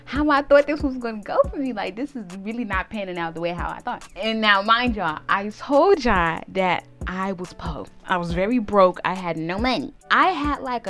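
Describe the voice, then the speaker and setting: A young woman vlogger telling a storytime tale in casual slang, animated and laughing, breaking into loud shouted reenactments. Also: medium pitch. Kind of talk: storytime vlog.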